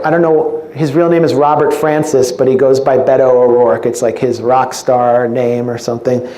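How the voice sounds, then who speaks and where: A man's voice: medium pitch, level tone, moderate pace, hardly any pauses, warm tone. A man giving a public lecture as an invited speaker, with a wry, sarcastic sense of humor. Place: lecture room with an audience. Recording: echoey room with faint noise.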